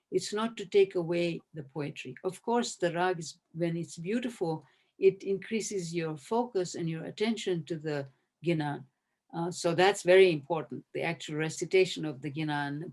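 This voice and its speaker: A woman professor giving a measured, thoughtful webinar talk over a video call. She pauses often with hesitations and restarts her sentences. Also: lowish voice, darkish tone. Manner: measured, thoughtful, frequent hesitations and self-corrections. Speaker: professor, guest speaker. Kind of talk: webinar talk answering a question.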